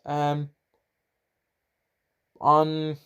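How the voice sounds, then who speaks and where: A young man with an Irish accent talks on his solo podcast, his voice sitting a little high. He rambles casually, doubling back on himself and poking fun at himself as he goes. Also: monotone, extremely slow, a bit bright, smooth. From Ireland. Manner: rambling, chatty, self-deprecating. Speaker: podcast host.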